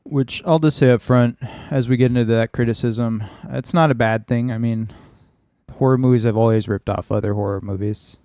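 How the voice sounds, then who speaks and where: A man's voice: medium pitch, fairly even intonation, moderate pace, mellow, no room sound, clean studio sound. A man co-hosting a horror film podcast, opinionated and wry, swearing casually as he talks. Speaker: podcast co-host. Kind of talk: casual chat.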